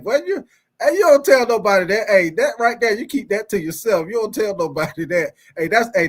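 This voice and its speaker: A young man with a drawl hosts a loose sports talk show in a fairly high voice. He rambles in an animated way, laughs often and circles back to repeat his lines as he calls out to viewers. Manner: animated, laughing often, repeats phrases, reads live chat. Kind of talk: casual chat.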